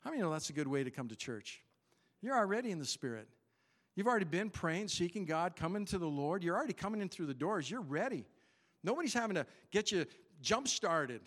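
A man preaching a sermon to his church, animated and conversational, acting out Bible characters in quick voices. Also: on the high side. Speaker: pastor.

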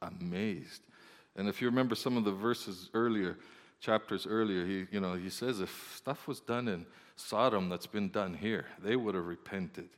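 A male pastor preaching a lively sermon, joking with his congregation between scripture readings. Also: on the low side, moderate pace. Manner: animated, joking preacher who reads scripture aloud. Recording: long hall reverb.

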